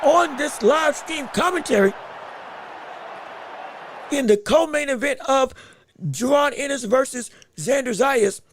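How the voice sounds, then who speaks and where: A man hosting a live podcast, giving rapid round-by-round boxing commentary with excited outbursts. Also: very high-pitched, a little hiss or hum. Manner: rapid play-by-play, excited outbursts, talks to the chat. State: hiccups.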